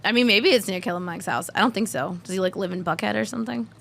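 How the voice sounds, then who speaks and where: A woman guest chats on a casual podcast, laughing often and pushing back playfully. Her pitch sits in the middle, and her talk is relaxed banter. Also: fast talker, creaky, a little hiss or hum. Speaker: guest event planner.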